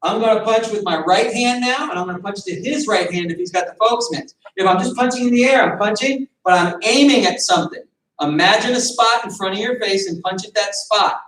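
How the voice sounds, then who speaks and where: Over a video call, a martial arts instructor coaches a beginner boxing class, calling out counts and commands. His voice is high, fairly quick and a bit bright. The room is echoey and the mic sits at a distance.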